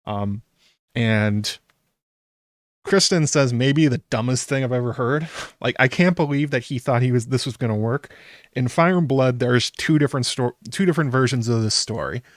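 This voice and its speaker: A man hosts a casual solo aftershow for YouTube, reacting in a chatty, incredulous way, laughing often and filling gaps with "um." His voice is mid-range at a moderate pace, captured in studio quality with no room sound.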